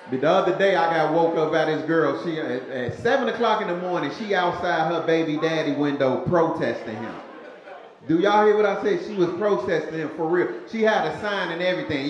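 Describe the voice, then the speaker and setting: A man's voice: on the high side, fairly quick. A man performing stand-up on a comedy club stage, with a laid-back, punchy delivery and talk aimed at the crowd. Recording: very echoey live venue with crowd noise.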